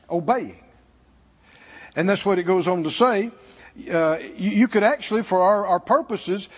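A man preaching a sermon to a congregation, speaking slowly and pausing for asides to his listeners. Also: high voice, slightly rough. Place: church hall. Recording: dull sound in a hall with long reverb.

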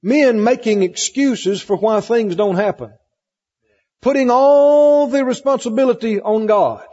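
A man's voice: very high voice, unhurried, warm tone. A man preaching a sermon with emphatic, repetitive phrasing, asking the congregation questions. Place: church hall with congregation. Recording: muffled recording in a hall with long reverb.

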